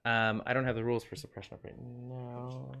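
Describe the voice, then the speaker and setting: Bright-voiced joking male game master. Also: medium pitch, little pitch movement, fairly quick, vocal fry, a little hiss or hum. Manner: laughing, loose and joking, swears casually. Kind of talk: running a tabletop game, casual.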